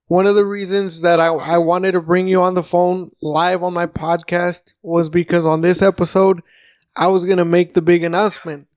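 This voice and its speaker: A man's voice: high-pitched, little pitch movement, normal speed. A man from South Texas hosting a comedy podcast, talking in rambling stop-start bursts. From Rio Grande Valley, South Texas. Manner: rambling, stammering restarts. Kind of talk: casual podcast chat.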